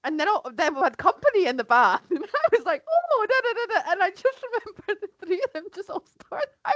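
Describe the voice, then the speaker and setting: A woman's voice: very high voice, sing-song, brisk, fairly bright tone, dry recording. A woman hosting a casual chat, reacting expressively and asking eager questions. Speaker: host. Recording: dull, dry lo-fi sound.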